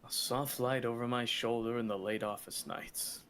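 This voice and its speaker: A man voicing a kind male researcher who speaks softly and affectionately, at an unhurried pace. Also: medium pitch, steady tone, a little hiss or hum, close to an everyday voice. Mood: gentle.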